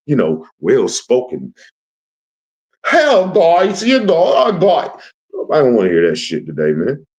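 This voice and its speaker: A man's voice: medium pitch, huge pitch swings, slow pace, a little mellow. A man hosting a live stream, ranting at trolls in a brash, profane and confrontational way. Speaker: livestream host.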